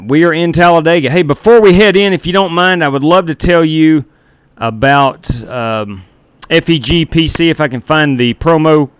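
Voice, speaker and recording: Smooth-voiced man streaming sim racing. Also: fairly high pitch, no echo. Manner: chatty, talks to viewers while managing the race lobby. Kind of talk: casual live-stream commentary. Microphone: gaming headset.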